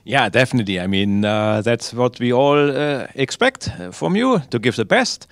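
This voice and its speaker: A man's voice: medium pitch, lively intonation, moderate pace, no echo, studio quality. A man hosting a pre-match interview with two finalists, hesitant and full of fillers. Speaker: tournament host interviewer.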